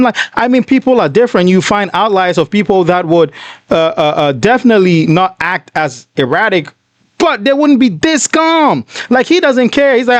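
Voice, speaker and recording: A man's voice: sits high, lively intonation, normal speed, no room sound. A man hosting a casual reaction commentary, talking emphatically and indignantly, often calling the listener "bro". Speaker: reaction video host.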